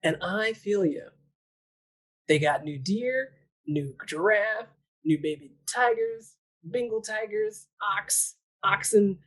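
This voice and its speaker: A woman's voice: medium pitch, animated, slow pace, rough recording. A woman correspondent giving a comic news report with sassy, joking asides.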